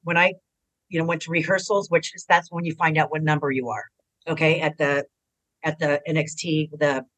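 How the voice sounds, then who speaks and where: Animated middle-aged woman telling stories. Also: moderate pace, low-quality recording. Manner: animated, acts out quotes in a higher voice. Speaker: guest, retired pro wrestler. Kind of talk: casual interview storytelling.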